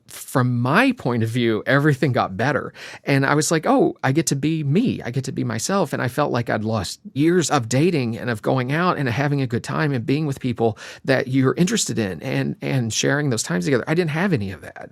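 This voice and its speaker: A young adult man, interviewed, reflecting on his life in a quiet, emotional way. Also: medium pitch, gravelly, no room sound. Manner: reflective, quietly emotional, sometimes trails to a whisper. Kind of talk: personal storytelling.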